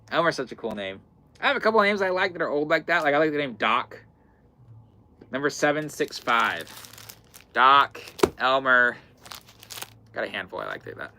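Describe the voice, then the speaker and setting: A man hosts a live-stream fabric sale from an indoor fabric shop in the far north, chatting casually and repeating item numbers as he goes. His mid-range voice sounds pushed and bright.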